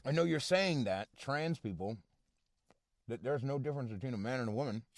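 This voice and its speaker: A man hosting a podcast from inside his car, ranting casually and profanely in a halting, rambling way full of fillers. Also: mid-range voice, animated, no echo. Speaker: podcast host. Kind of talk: casual rant.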